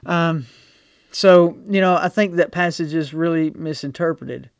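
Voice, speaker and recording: A high-pitched man preaches a sermon in a church, spinning folksy stories and dropping from loud bursts to near-quiet asides. The sound is dry and close. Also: measured pace, no echo. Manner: folksy storytelling with big swings in loudness. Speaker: pastor.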